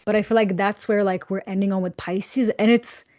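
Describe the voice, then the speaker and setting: A woman speaks, calm and reflective, as a podcast guest. She laughs lightly and often and doubles a word or two at the start of her phrases. Her voice sits in a middle range for a woman. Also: medium pitch, brisk. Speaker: guest astrologer. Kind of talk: casual podcast conversation.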